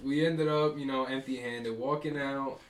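A man's voice: mid-range voice, steady tone, normal speed. Slangy man in an echoey room. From New Jersey. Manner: laid-back slangy talk, says "bro". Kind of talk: casual chat.

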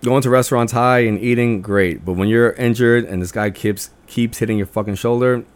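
A man's voice: medium pitch, steady tone, moderate pace. Profane young man telling stories. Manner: profane, acts out friends' lines in a raised voice. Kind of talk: casual storytelling.

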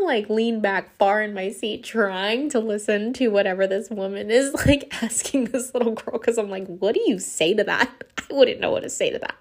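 A woman hosting a podcast, telling a travel story in a chatty, casual way, full of "like" and laughter. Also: on the high side. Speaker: podcast host.

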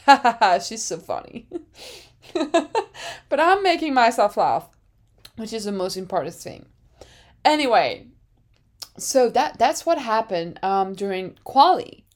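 A woman's voice: medium pitch, sing-song, a little slow, pauses often. A woman hosting a podcast with casual, dramatic chat. She often laughs at her own jokes. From France. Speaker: podcast host.

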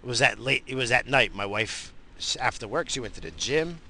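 A man's voice: mid-range voice, lively intonation, a little fast, sharp tone. A man hosting a casual solo podcast, rambling and swearing freely as he mocks himself, recorded at home on a podcast mic. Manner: rambling, profane, self-mocking. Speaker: podcast host.

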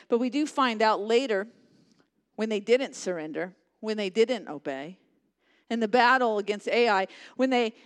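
A woman preaching a sermon with passion, swinging from loud emphatic lines to hushed ones and repeating phrases for emphasis. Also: mid-range voice.

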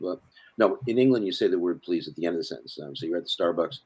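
Speaking fast in a deep, dark, slightly rough voice, an older man rambles through casual stories on a podcast, interrupting himself along the way.

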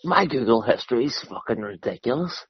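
A man's voice: mid-range voice, expressive, a little fast, husky, no room sound. A young man chatting casually as a podcast co-host, laid-back and swearing freely as he tells offhand stories. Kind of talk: casual chat. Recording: dry, dull lo-fi sound.

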